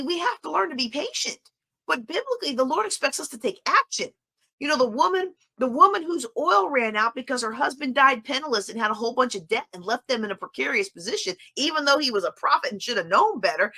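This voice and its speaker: A woman's voice: sits high, lively intonation, brisk, pushed and bright. A middle-aged woman teaching a faith-based lesson, emphatic and repeating phrases for stress. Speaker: Bible study teacher.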